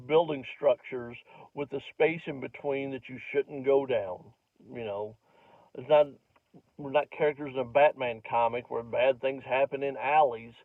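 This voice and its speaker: Middle-aged comedian, rambling and self-mocking. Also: male voice, mid-range voice, normal speed, gravelly, dry recording. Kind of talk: casual comic storytelling to camera. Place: home recording, not a stage. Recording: dry, tinny phone-like recording.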